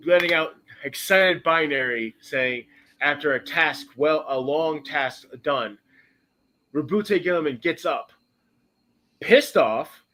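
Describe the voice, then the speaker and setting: A man hosting a podcast, casually retelling a story in a rambling way, correcting himself often and breaking into bursts of excitement. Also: a little high. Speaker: podcast host.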